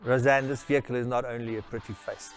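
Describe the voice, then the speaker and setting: A man's voice: mid-range voice, steady tone, fast, soft background music. A man presenting a new van's features in a formal, salesy way, often addressing the others by name. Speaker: vehicle product presenter. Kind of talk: scripted product walkaround.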